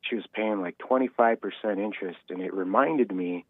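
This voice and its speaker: A man's voice: on the low side, moderate pace, no room sound. Man calling in on a tinny phone line. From Minnesota. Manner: relaxed storytelling, hesitant restarts. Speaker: caller. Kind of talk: phone-in conversation.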